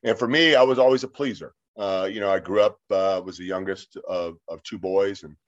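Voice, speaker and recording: Man in his 50s, interview guest, low voice, loose storytelling with lots of fillers, slightly dull lo-fi sound. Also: fairly quick. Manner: rambling anecdotes with many fillers. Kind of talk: casual storytelling.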